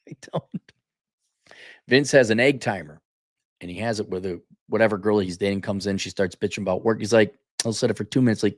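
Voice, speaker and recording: A man hosting a casual opinion monologue, blunt and animated, often restarting his sentences. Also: fairly low pitch, brisk, no echo, clean studio sound. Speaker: podcast host.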